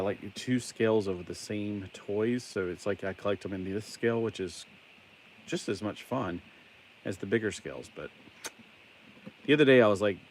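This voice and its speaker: A man's voice: lowish voice, slight background noise. A man with a Southern US accent chatting casually and rambling while building toys on a live stream. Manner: rambling, chatty, jokey asides. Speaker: toy collector streamer.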